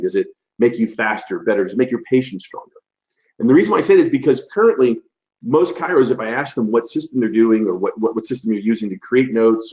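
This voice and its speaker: A man's voice: medium pitch, darkish tone, dull audio. A man in his forties presenting a webinar, telling a story in a loose, chatty way with plenty of fillers. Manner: chatty, loose delivery with many fillers and restarts. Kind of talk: conversational storytelling lecture.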